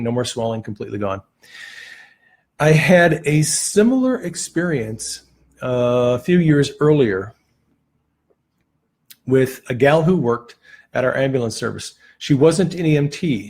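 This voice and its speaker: A man teaching about healing prayer through relaxed personal stories, with frequent pauses and restarts. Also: medium pitch.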